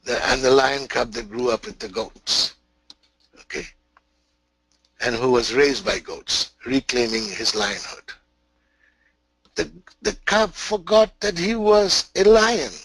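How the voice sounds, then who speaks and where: A man's voice: mid-range voice, animated, slow, pauses often, a bit bright, husky, dry recording, rough recording. A man teaching a spiritual webinar, telling a parable in an emphatic, repetitive way with frequent restarts.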